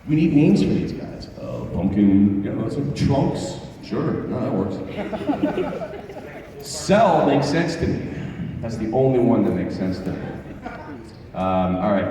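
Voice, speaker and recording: A man's voice: medium pitch, a little mellow. Man telling stories in an echoey hall. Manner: profane, laughing anecdotal storyteller. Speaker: voice actor panelist. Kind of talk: convention Q&A storytelling. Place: large convention hall with an audience. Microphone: distant microphone. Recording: echoey hall, distant mic, crowd.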